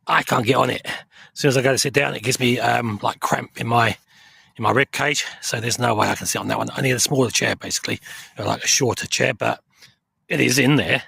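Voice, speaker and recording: A man's voice: medium pitch, steady tone, a little fast, vocal fry, bright, forceful tone, slightly rough, no echo. A man from southern England with a southern English accent, chatting casually to camera from inside a small hot tent in woodland, rambling and swearing mildly, then apologising for it. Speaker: camping vlogger.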